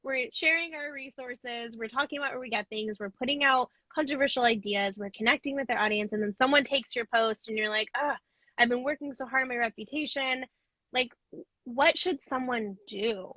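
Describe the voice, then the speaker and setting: A woman host with a sharp, bright, fairly high voice, recorded close and dry. She chats easily and keeps affirming her guest as she asks her questions. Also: moderate pace, no room sound, poor audio. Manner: chatty, affirming interviewer. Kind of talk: casual conversation.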